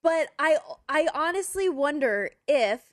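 A young woman talks sports betting with a co-host, upbeat and quick to laugh. Her voice sits a bit high. The sound is dry and close, with no room around it. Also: no echo. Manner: bubbly, animated, laughs often. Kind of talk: casual sports betting chat.

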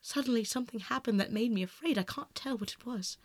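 A man's voice: very high-pitched, fast, no echo. A man voicing an impulsive young aristocrat. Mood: musing. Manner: earnest, pleading outbursts. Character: young male aristocrat, passionate, impulsive, self-absorbed. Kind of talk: audiobook narration.

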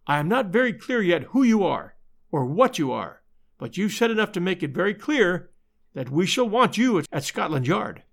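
Gruff practical police inspector, no nonsense, man doing the voice. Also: high voice, sing-song, moderate pace, exaggerated voice. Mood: matter-of-fact. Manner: plain-spoken, matter-of-fact. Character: blunt, prosaic male police inspector.

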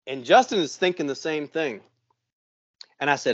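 A podcast co-host with a slightly high voice spins a long story in casual chat, cursing freely and animatedly acting out what everyone said. He talks at a normal speed with long pauses, and the audio is dry and a little dull, like a close room mic with limited fidelity.

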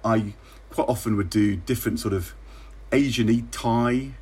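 A middle-aged man from England, a former minister, telling wry, measured stories in an interview. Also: mid-range voice, a little mellow, husky. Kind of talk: relaxed interview anecdotes.

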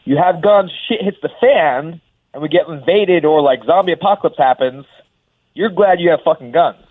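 A young professional fighter talking loosely as a guest on a radio show, rambling with lots of "like". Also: male voice, fairly high pitch, normal speed, no room sound. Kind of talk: casual radio interview. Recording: tinny phone line.

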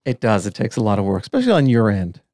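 A man's voice: on the low side, huge pitch swings, racing, mellow, dry recording, studio quality. A man co-hosting a podcast, chatting in an easygoing, rambling way over a video call. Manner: easygoing, rambling, many fillers. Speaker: podcast co-host. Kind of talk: casual podcast chat.

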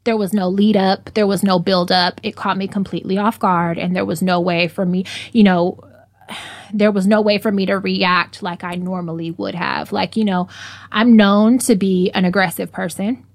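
A woman telling a personal story in casual conversation, blunt and profane, growing animated as she relives it. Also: medium pitch, normal speed, no room sound.

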